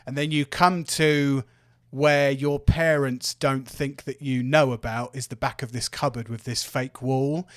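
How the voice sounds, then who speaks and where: A man runs a tabletop game, setting scenes in an easy, meandering voice. His pitch sits mid-range and the sound is dry and close. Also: no room sound. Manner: relaxed, descriptive, with fillers. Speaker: dungeon master.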